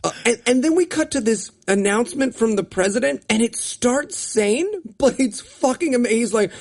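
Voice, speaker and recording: A man's voice: very high voice, moderate pace, creaky, hardly any pauses, a little mellow. A man co-hosting a comedy podcast, riffing sarcastically in casual banter. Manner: sarcastic, slips into mocking impressions.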